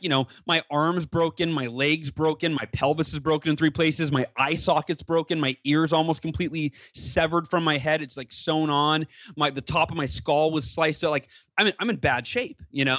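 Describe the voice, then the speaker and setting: Earnest storytelling man, higher voice. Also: no echo. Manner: earnest, animated, many "you know" fillers and restarts. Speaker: podcast guest. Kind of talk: personal storytelling.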